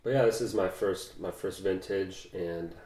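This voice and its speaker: A young man, a first-time winemaker, chatting casually and technically about his wine with fillers and pauses. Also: sits low, dark tone. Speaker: winemaker guest. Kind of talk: casual chat. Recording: echoey room.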